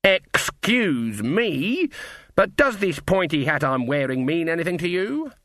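A man's voice: sits high, lively intonation, moderate pace, fairly bright tone, dry recording, studio quality, pitched above the performer's own voice. A man voicing a stern, proud old witch woman who speaks with haughty indignation. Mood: indignant.

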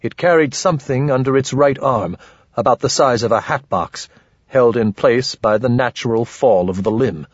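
A man narrating an audiobook in first person with a dry, grumbling, wry manner and a husky voice. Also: medium pitch, moderate pace, dry recording, lo-fi sound.

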